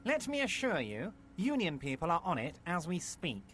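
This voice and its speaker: A man's voice: on the high side, huge pitch swings, moderate pace, a bit bright, a little hiss or hum. An actor voicing a smug, overconfident male union boss in a game, with a nasal, patronizing manner. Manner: smooth, patronizing reassurance. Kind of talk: video game voice acting.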